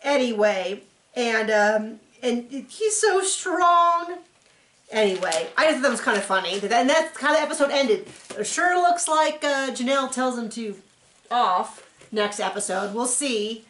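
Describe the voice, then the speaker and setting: A woman's voice: fairly high pitch, moderate pace, fairly bright tone. Chatty sarcastic woman in an echoey room. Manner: chatty and sarcastic, with playful asides. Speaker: TV recap reviewer. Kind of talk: casual reaction recap. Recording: roomy echo.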